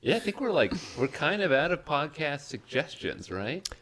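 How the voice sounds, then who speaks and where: A young man co-hosting a casual podcast, laid back and quick to agree and laugh along. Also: a little high, sing-song, a bit bright. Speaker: podcast co-host. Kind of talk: casual chat. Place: shared room with co-hosts.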